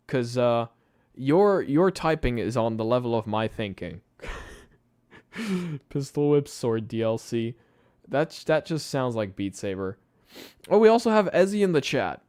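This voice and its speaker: A man's voice: mid-range voice, darkish tone, dry recording, studio quality. A tired man hosting a late-night live stream, chatting to his viewers in a rambling way with frequent laughs and restarts. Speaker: YouTube channel host. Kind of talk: casual live-stream chat.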